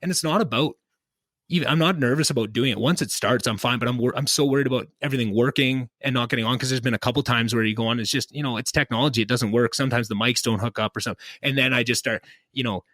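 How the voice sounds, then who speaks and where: A man's voice: mid-range voice, fast, a bit bright, dry recording. A young man hosting a podcast, chatting casually and rambling with many restarts and self-deprecating asides. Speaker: podcast host. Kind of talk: casual chat. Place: home basement. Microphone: podcast mic.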